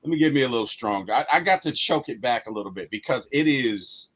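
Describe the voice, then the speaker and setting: A husky-voiced man talks about movies with lots of feeling. His pitch swings widely as he gets caught up in the story. The recording sounds muffled and lo-fi. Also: quick pace. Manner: animated, emotional storytelling. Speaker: podcast co-host. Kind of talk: casual movie discussion.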